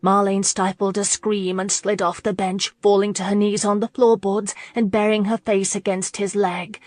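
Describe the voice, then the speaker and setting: A woman narrating a historical romance audiobook in a steady, measured way. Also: medium pitch, no room sound.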